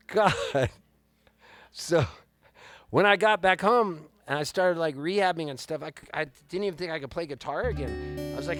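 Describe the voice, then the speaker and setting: A man telling an animated, self-mocking story between songs, live on stage in a music club. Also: fairly high pitch, normal speed. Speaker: singer-songwriter on stage. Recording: live club mic with guitar. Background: guitar playing.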